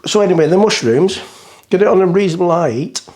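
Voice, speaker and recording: A man's voice: sits high, lively intonation, fast talker, a little mellow. Rambling jokey man. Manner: rambling, jokey, talks to himself while cooking. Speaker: cooking vlogger. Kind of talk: casual cooking vlog chat. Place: home kitchen.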